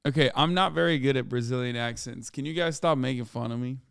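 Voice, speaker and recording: A male streamer talks into a desk mic in a smooth, clean tone with a dry, close sound. He rambles through his reactions with sarcasm and lots of "like" fillers. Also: mid-range voice, fast, fairly bright tone, no echo. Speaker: streamer host. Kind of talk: livestream reaction commentary.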